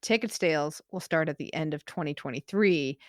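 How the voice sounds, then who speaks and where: A woman co-hosting a podcast, reading out news updates in a careful, measured way and laughing easily between items. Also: low-pitched, no echo, clean studio sound. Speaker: podcast co-host. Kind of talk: casual news chat.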